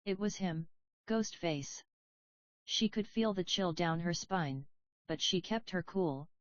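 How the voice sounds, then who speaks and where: A woman reading fan fiction aloud in steady scripted narration, on a dull, dry lo-fi recording. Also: fairly low pitch, slow, no echo. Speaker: reader.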